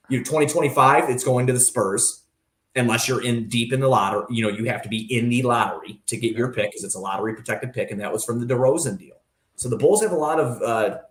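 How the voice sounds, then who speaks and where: A man speaking as a guest on a sports talk show, passionate and rambling in his opinions. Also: mid-range voice. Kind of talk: casual sports radio talk. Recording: roomy echo.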